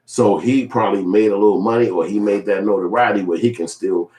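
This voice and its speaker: A man with a fairly low, darkish voice talks a little fast in his rambling, profane vlog about a celebrity feud. He keeps it casual and acts out the voices of others, with a roomy echo on the recording.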